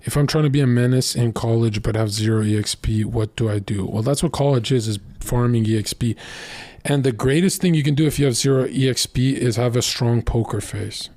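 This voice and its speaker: A man's voice: medium pitch, brisk, a little mellow, no room sound. A young man telling crude stories in a blunt, boastful casual monologue as a streamer.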